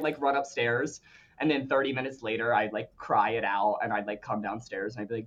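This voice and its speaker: Man, podcast guest, chatty storytelling, lots of fillers, mid-pitched, dull lo-fi sound. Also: brisk, fairly bright tone. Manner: chatty, filler-heavy, self-deprecating. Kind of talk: casual storytelling.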